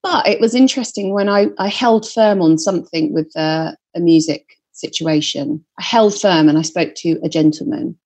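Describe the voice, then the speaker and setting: A woman's voice: on the low side, normal speed, hardly any pauses, darkish tone, husky. A woman in her thirties, a singer-songwriter guest talking candidly, chatty and self-deprecating, swearing freely. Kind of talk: candid podcast conversation.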